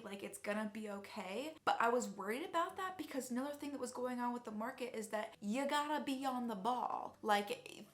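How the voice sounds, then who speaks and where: A young woman telling a personal story in a chatty, rambling way, sincere and emotional at times. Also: on the high side. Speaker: vlogger.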